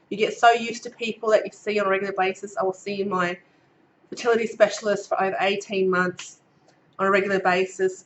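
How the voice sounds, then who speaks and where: A woman's voice: mid-range voice, a bit bright, dull audio, slight background noise. A woman in her thirties with an Australian accent, giving a casual pregnancy update to camera, a little out of breath and getting over a cold, chatty with many ums as she reads her notes. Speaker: vlogger.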